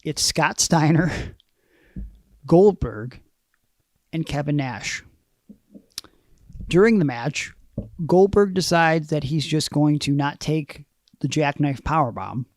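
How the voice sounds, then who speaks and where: A man's voice: fairly high pitch, lively intonation, takes it slowly, pauses often, no echo. A man hosting a casual podcast, recounting wrestling history at length with dry asides. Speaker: podcast host.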